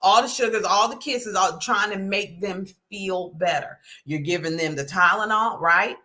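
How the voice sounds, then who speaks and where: Bright-voiced woman hosting a chat. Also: lowish voice, measured pace. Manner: animated, folksy, many "okay?" asides. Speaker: host. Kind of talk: casual talk to a live audience.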